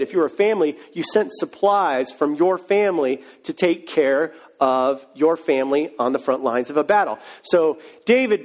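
A man's voice: a little high, a little mellow. A man preaching a sermon, retelling a story in a casual, joking way. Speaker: pastor.

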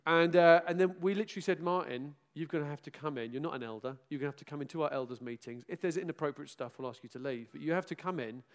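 High-voiced, animated pastor. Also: male voice, fast talker, few pauses. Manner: animated, self-mocking, bursts into loud exclamations and laughter. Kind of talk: farewell address from the pulpit.

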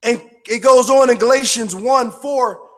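A man preaching a sermon with passion, shouting hard and then dropping to a low, quiet voice. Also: measured pace. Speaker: pastor.

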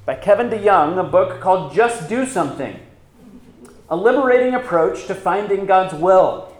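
A man's voice: sits high, expressive, moderate pace, roomy sound. A man pastor preaching a sermon, asking rhetorical questions and reading scripture aloud with emphasis.

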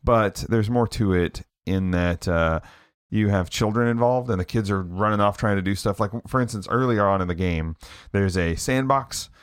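Casual male podcast co-host, lowish voice, dry close sound, rambling delivery. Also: moderate pace, hardly any pauses, clear, resonant tone, no room sound. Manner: trails off with filler words. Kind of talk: casual chat.

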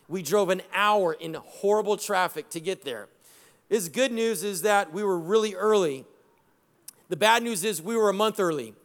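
A middle-aged man preaching a sermon as pastor, lively and exhorting, mixing scripture with personal stories. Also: sits high, moderate pace. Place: church sanctuary. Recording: long hall reverb in a church.

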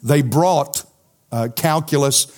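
Speaking slowly in a fairly high-pitched voice, this middle-aged preacher delivers a sermon before answering his congregation's questions. He's emphatic, sinking into soft intensity when he reaches the key moments.

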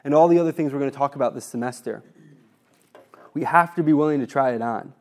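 A man giving an earnest, exhorting faith talk to a group, reading scripture slowly and repeating words when excited. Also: medium pitch. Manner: reads scripture slowly and deliberately. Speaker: speaker at a community talk.

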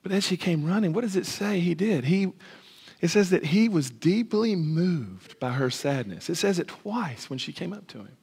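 A man with a husky, slightly breathy voice preaches a sermon as pastor. His delivery is animated, and he acts out the lines of the story. A long reverb from the hall trails after each phrase. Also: high voice, moderate pace. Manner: animated, acts out dialogue, stammers when excited. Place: church sanctuary.

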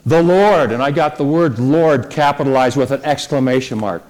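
A man's voice: medium pitch, moderate pace, darkish tone. Male pastor, conversational sermon delivery, medium voice.

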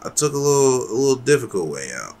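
A man's voice: mid-range voice, sing-song, quick pace, warm tone, a little hiss or hum. A man co-hosting a podcast in loose, rambling casual chat, swearing freely. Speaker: podcast co-host.

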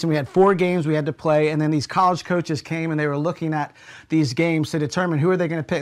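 A young adult man, a pastor from the United States, preaching a sermon with earnest storytelling that drops to a hush at key moments. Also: a little high.

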